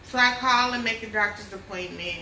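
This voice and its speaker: A woman vlogger telling a personal story in a lively casual way, often calling her viewers y'all. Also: a little high, brisk, roomy sound, recorded from a distance, slight background noise, rough recording. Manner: animated, addresses viewers as y'all.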